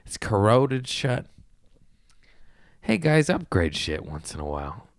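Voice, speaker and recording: A man's voice: fairly low pitch, big pitch swings, slow pace, vocal fry, dry recording, studio quality. A young man hosting a podcast, chatting in a rambling, self-mocking, giggly way. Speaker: comedian podcast host. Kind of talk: casual comedic chat.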